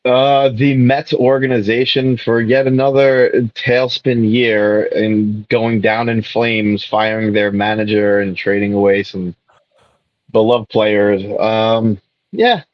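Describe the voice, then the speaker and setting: A man co-hosting a casual podcast, speaking in a rueful, low-key way. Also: steady tone, slow pace, dry recording, muffled recording. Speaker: podcast co-host.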